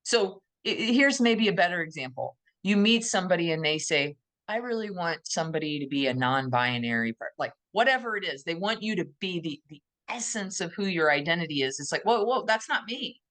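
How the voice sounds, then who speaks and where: A woman co-hosting a podcast, speaking in a thoughtful, gently emphatic way and often posing questions to herself. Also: fairly low pitch, expressive, brisk, hardly any pauses. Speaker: podcast co-host. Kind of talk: reflective conversational podcast talk.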